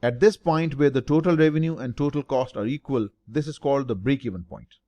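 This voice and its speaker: A man's voice: mid-range voice, a little fast, mellow, highs cut off. A man lecturing as a finance tutor, stressing and repeating key terms and answering his own questions. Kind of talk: lecture explaining break-even analysis.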